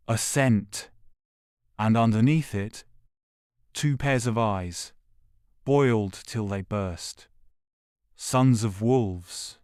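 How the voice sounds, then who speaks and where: A man narrating a second-person audio drama in a grave, measured way, with short, clipped phrases. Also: fairly low pitch, darkish tone, no room sound, studio quality.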